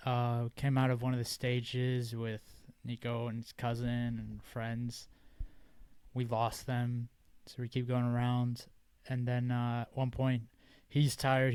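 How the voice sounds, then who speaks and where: A man's voice: medium pitch, a little mellow, smooth, no echo. A man in his twenties, co-hosting a podcast, telling a long casual story full of filler words and swearing. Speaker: podcast co-host. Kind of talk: casual chat.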